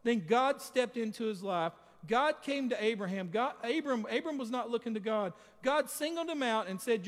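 High-voiced preacher in a reverberant hall. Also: male voice, animated, moderate pace, few pauses. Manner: emphatic, addresses the congregation directly. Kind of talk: sermon.

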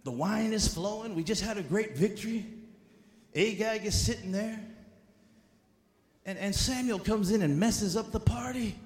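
A man preaching a sermon in a church, fervent and often shouting. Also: sits high, moderate pace, pauses often, reverberant.

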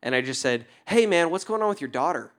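A young adult man, a pastor, telling a story in a sermon, laughing often and dropping to a hushed tone for tender moments. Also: on the high side, lively intonation, quick pace.

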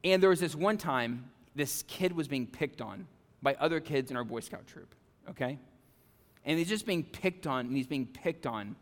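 A male pastor preaching a conversational sermon, animated, with frequent "okay?" and "right?" asides to the congregation. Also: a little high, normal speed, big-room sound. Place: church sanctuary.

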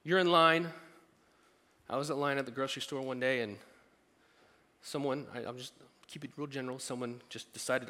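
A middle-aged man preaching a sermon as a pastor, animated, with playful asides and acted-out voices. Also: mid-range voice, a little fast, long pauses. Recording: long reverb of a large hall.

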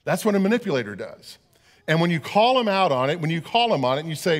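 A man's voice: on the high side, very animated, fast talker. A middle-aged man preaching a sermon as pastor, earnest and often repeating words as he talks.

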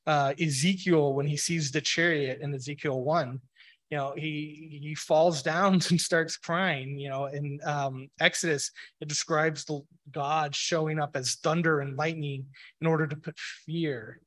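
Rambling man, slightly higher voice. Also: fairly even intonation, a little slow, fairly bright tone. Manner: rambling, full of "you know" and "like". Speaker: speaker on a religious podcast. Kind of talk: casual explanatory talk.

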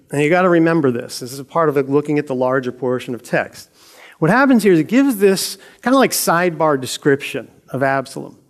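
A middle-aged man teaching a Bible story in a casual, conversational way, joking and laughing as he retells it. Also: on the high side. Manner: conversational, jokey, laughs often.

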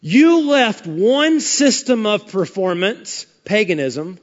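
A man preaching from a church pulpit with a high, ringing voice that drives his points home with fervor. He keeps pressing the congregation with questions and calls for an amen. The recording sounds dull and lo-fi, with a long reverb trailing through the sanctuary. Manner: fiery, emphatic preaching with call-and-response questions. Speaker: pastor. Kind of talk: sermon. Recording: dull lo-fi sermon audio with long hall reverb.

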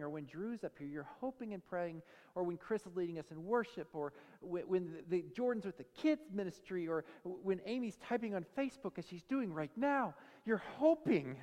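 A man preaching a sermon as pastor, telling stories in an animated way and acting out the voices of the people in them. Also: sits high, long reverb tail. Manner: animated storytelling, acts out quoted voices. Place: church sanctuary.

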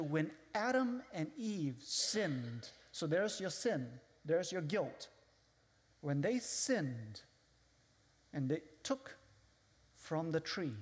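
A man with a foreign accent preaching as a guest speaker, who acts out his listeners' voices and quotes scripture. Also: a little high. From outside the US. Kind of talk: sermon. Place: large hall with a live audience. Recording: long hall reverb.

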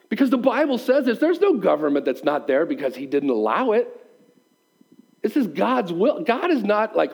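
A man's voice: sits high, moderate pace, vocal fry, pauses often, low-quality recording. A male pastor preaching a sermon in a conversational way, asking his listeners questions and acting out what people might say. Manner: animated, acts out quoted voices.

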